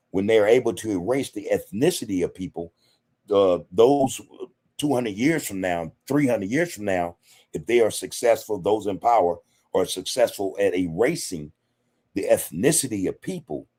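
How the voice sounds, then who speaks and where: A man's voice: fairly low pitch, darkish tone, slightly rough. A man hosting a podcast, talking casually and emphatically while answering chat comments. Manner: emphatic, conversational, repeats "man" and "you know". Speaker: podcast host. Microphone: streaming setup microphone.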